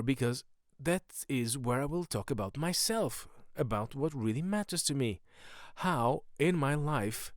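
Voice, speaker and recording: A man's voice: medium pitch, a little mellow, no room sound, studio quality. A man hosting a podcast as a comedian, with a jokey, self-mocking ramble that keeps going off on tangents. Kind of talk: rambling comic monologue.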